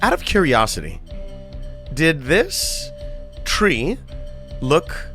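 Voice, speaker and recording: A man's voice: a little high, wildly swooping pitch, very slow, bright, forceful tone, soft background music, pitched above the performer's own voice, full character voice. A man doing a nosy mechanical beholder. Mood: curious. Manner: clipped, mechanical and prying. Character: mechanical bolt beholder, male, large, nosy and bossy.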